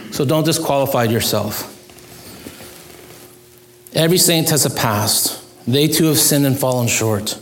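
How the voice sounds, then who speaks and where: A man's voice: mid-range voice, a little hiss or hum. A male pastor preaching a sermon in an earnest, pleading manner, his voice rising when he stresses a point.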